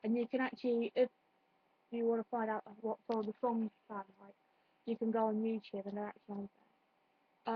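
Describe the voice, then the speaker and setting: A woman's voice: fairly high pitch, breathy edge, dry recording. A young woman vlogging a play review in a rambling, chatty way, full of fillers and restarts. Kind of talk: casual chat. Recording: dull, dry home recording.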